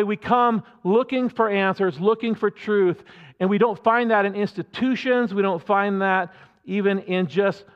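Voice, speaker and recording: A man's voice: high voice, clear, resonant tone, in a large hall, dull audio. A man preaching a sermon as a pastor, in a conversational, emphatic way with many restarts.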